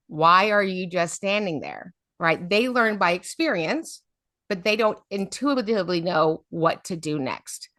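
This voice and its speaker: Lively middle-aged woman, faint twang. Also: lowish voice, no echo, studio quality. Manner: lively storyteller, often adds "right?". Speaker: special education advocate, guest. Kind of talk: storytelling interview talk.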